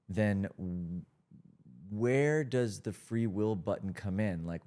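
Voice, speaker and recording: Male podcast host, low-pitched, earnest and reflective, conversational. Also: darkish tone. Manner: earnest, reflective, uses many likes.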